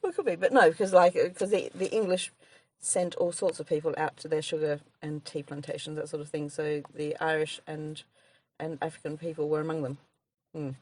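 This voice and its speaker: A woman's voice: deep voice, steady tone, brisk, a little mellow. An Australian woman co-hosting a casual podcast, rambling chattily, often laughing and breaking off mid-sentence to restart. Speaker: podcast co-host, comedian. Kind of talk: casual chat.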